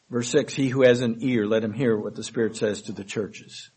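A man preaching a sermon. He reads scripture verses aloud with emphasis and then explains them in a measured way. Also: on the low side, steady tone, darkish tone, slightly rough, rough recording. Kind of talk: sermon, Bible study reading.

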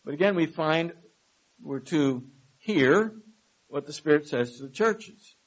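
A man preaching a sermon. He reads scripture verses aloud with emphasis and then explains them in a measured way. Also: fairly high pitch, lively intonation, low-quality recording. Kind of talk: sermon, Bible study reading.

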